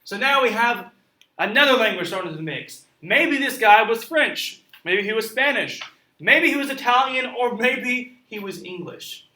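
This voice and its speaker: Captured from afar in an echoey room, a man reads a story aloud and explains it like a chatty teacher, often quizzing his listeners. His voice is very high, expressive and sharp, and he speaks at a normal speed.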